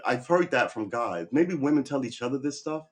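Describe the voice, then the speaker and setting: Give me a man of average pitch giving a loose, blunt monologue on a live stream. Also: expressive, moderate pace. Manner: rambling and blunt, with frequent restarts and profanity. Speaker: livestream host. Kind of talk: casual opinion monologue.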